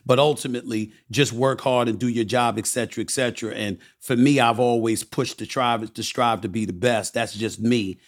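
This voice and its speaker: A man's voice: mid-range voice, steady tone. A man hosting a candid interview who asks long, emphatic questions. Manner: emphatic, drawn-out questions with repeated stressed words. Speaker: interviewer and host.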